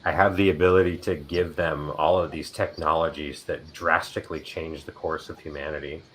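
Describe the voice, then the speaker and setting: Host, male, very deep voice, measured delivery, faint background noise. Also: fairly even intonation, fairly bright tone, rough recording. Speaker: host giving readings. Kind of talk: casual talk. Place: city in Ireland.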